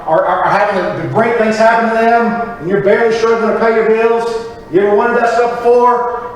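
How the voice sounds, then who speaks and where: A man preaching in a chapel, with a high voice for a man. He is picked up from a distance, and the big room echoes around him. He talks in a lively, conversational way, acting out prayers as he goes. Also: slight background noise. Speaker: pastor. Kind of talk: sermon. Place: church chapel. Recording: echoey church recording from far off.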